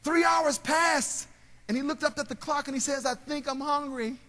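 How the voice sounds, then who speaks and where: A man's voice: extremely high pitch, moderate pace, a little hiss or hum. A man giving a motivational keynote in a large hall. He tells stories and leads the audience in call and response. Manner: storytelling, drops quiet and soft for emotional parts. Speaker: keynote speaker. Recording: long hall reverb, live stage.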